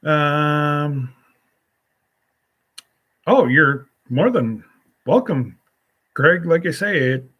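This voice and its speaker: A man's voice: a little high, animated, very slow, long pauses, fairly bright tone, slightly rough. A man hosting a casual solo live stream, rambling as he reads and answers viewer comments with a folksy, teasing manner.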